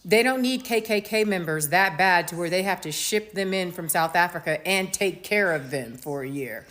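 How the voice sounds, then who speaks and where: An American woman hosts her own show, delivering a blunt, emphatic commentary monologue full of fillers and restarts. Her voice is lowish and fairly bright, at a normal speed.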